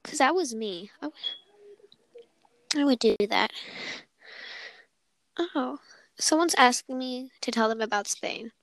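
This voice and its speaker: A woman's voice: fairly high pitch, lively intonation, takes it slowly, pauses often, fairly bright tone, no echo, rough recording. A young woman co-hosting a casual chat, giggly and rambling, often cutting herself off mid-sentence. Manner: giggly, rambling, self-interrupting. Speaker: podcast co-host.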